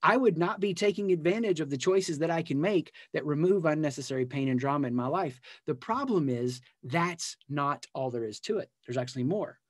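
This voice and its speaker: A man's voice: on the high side, lively intonation, brisk, few pauses, no room sound, clean studio sound. A man teaching a live personal growth session in an emphatic style, repeating key phrases and building energy as he goes. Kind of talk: live motivational teaching talk. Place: live community event.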